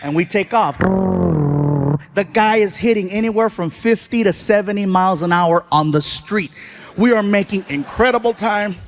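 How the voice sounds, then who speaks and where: A man performing stand-up comedy, telling stories in an animated way and acting out the people in them. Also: high-pitched, moderate pace. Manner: animated, acts out voices and shouts. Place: comedy stage before a live audience.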